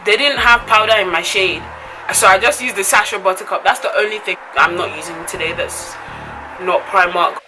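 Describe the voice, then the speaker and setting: A woman beauty vlogger chatting casually through a makeup tutorial, gushing and excitable with frequent exclamations. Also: mid-range voice, brisk, background noise.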